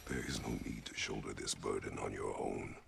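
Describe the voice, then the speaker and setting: Stern gruff warrior father, extremely deep and gravelly, terse and grave. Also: steady tone, brisk, fairly bright tone, slight background noise, exaggerated voice. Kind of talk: video game dialogue.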